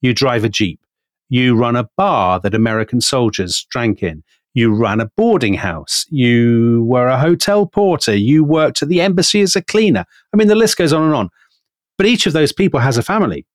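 A British man co-hosting a podcast, telling a history story in an animated way. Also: mid-range voice, moderate pace, no room sound. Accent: British English. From Britain. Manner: animated, storytelling, quotes figures with emphasis. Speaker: podcast co-host.

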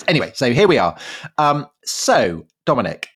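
A man trades quick, jokey remarks as he co-hosts a podcast. His voice is slightly husky, and his pitch swings widely as he talks. He sounds animated and chatty throughout. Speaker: podcast co-host. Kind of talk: casual chat.

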